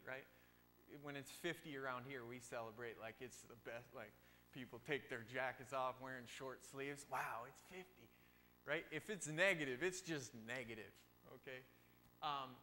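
Bright-voiced young man preaching in a church. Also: mid-range voice. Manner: casual, joking, asks the audience questions. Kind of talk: youth sermon. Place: church sanctuary. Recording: long church reverb, faint hum.

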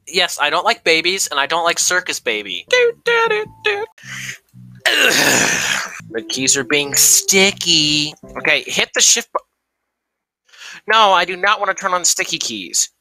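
An excitable let's play gamer whose voice leaps all over the place, bright and edgy in tone. They yelp and laugh at jump scares and throw out mock insults and silly jokes between moves. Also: medium pitch. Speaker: gaming YouTuber.

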